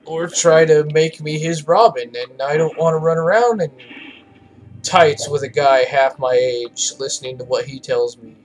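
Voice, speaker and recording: A man's voice: a little high, moderate pace, faint music behind. A tired man giving rambling, profane, opinionated commentary while playing a video game. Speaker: let's play gamer. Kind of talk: casual gameplay commentary.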